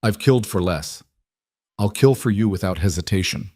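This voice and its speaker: A man's voice: on the low side, expressive, moderate pace, a little mellow, no echo, studio quality. A man voicing a cold, intense male mafia boss in a storybook reading, clipped and threatening. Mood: cold menace.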